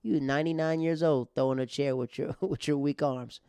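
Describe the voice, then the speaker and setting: A man's voice: a little high, fairly even intonation, a little fast, a little mellow, clear, resonant tone, no echo, studio quality. A male comedian and podcast host telling a casual, rambling story with many restarts and fillers.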